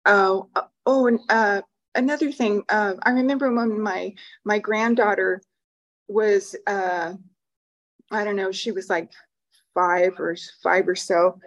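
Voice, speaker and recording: A woman's voice: mid-range voice, fairly even intonation, unhurried, highs cut off. An older woman speaking at a recovery meeting, telling personal stories in a loose, rambling way full of fillers. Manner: rambling, warm storytelling with fillers and laughs. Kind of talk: personal testimony talk. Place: meeting room.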